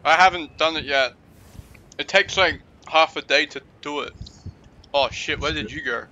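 Bright-voiced young man streaming. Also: on the high side, moderate pace, muffled recording, a little hiss or hum. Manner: swears often, laid-back. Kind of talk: casual gaming chat.

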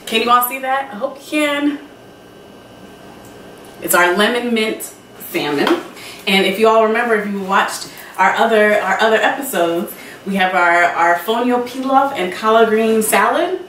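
A woman's voice: a little high, moderate pace, fairly bright tone, a little hiss or hum. Chatty woman hosting a cooking show. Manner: chatty, addresses viewers directly. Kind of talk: casual cooking demonstration. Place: home kitchen. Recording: roomy kitchen sound, mic at a distance.

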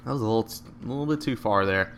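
A man with a fairly low voice commentates a video game live, chatty and playful. He jokes around and yelps at good or bad shots, with a faint hiss behind him. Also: racing. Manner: excitable, joking, bursts out at shots. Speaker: gameplay commentator.

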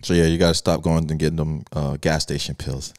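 A man's voice: rumbling low, flat delivery, fairly quick, darkish tone, no room sound, clean studio sound. A man co-hosting a comedy podcast, reading an ad and chatting with callers while laughing. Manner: laid-back, laughing. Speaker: podcast co-host. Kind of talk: casual comedic chat and ad read.

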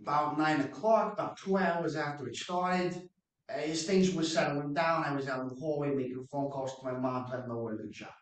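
A man's voice: a little high, steady tone, moderate pace, natural voice. A man playing a brash streetwise witness. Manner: folksy, slangy grammar. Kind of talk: mock trial witness performance. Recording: echoey room from far off.

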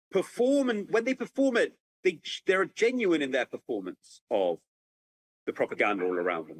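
A man giving a public lecture, telling a story in a lively, animated way with frequent restarts. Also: medium pitch, poor audio. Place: at home with a computer, remote talk.

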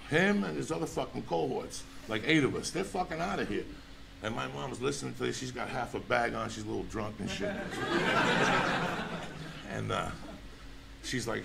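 A gravelly, fairly high-voiced man rattles off a foul-mouthed stand-up tale, often breaking into shouts. He plays a roomy venue, with loud audience laughter rolling under him. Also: slight background noise. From New Jersey. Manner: profane, shouting, rapid-fire storytelling. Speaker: stand-up comedian. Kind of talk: stand-up storytelling. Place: comedy stage before a live audience.

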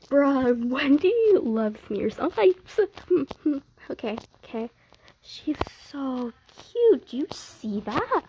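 A high-voiced woman with a very lively, swooping voice, gushing as she unboxes a haul. She gasps, squeals and sometimes drops to a whisper, talking casually to her viewers. There is a faint hiss of noise under the recording. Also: drawn-out words, long pauses, poor audio. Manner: gasps and squeals often, gushing fan excitement. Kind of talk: excited casual unboxing chat.

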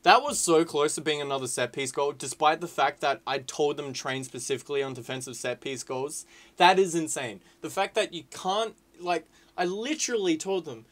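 Excitable sweary young man gaming. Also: on the high side, moderate pace. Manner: excitable, sweary, shouts at the screen. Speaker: gaming YouTuber. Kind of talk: casual game commentary.

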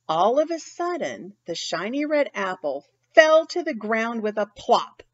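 A woman reads a children's story in a slow, unhurried way, her fairly high voice rising and falling a lot. She speaks expressively and turns to ask young listeners questions. The recording is a little dull and lo-fi. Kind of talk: storytime read-aloud.

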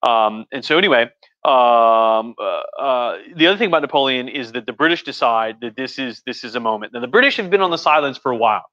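His medium-pitched voice is bright and forceful, with lively intonation and a quick pace. He's a history professor, a bit tipsy, live-streaming a casual, rambling lecture chat from his home living room with a couch, full of fillers, restarts and jokes. No room sound is audible, and the stream audio is dull lo-fi.

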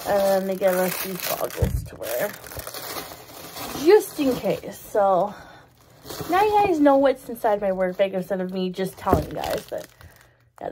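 A woman's voice: mid-range voice, background noise. A woman in her twenties vlogging in a casual, rambling way, giggling and exclaiming often. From Canada. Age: 20s. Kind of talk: casual chatty vlog.

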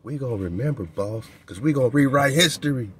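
A man voicing a sneering male invader who mocks and threatens, a little higher and louder than his own talk. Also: expressive, fairly quick, husky. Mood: taunting. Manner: mocking, taunting.

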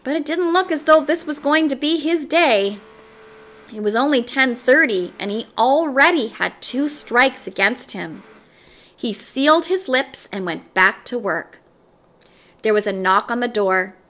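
Slow, expressive woman reading a storybook. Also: a little high. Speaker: story reader. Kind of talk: children's storybook read-aloud.

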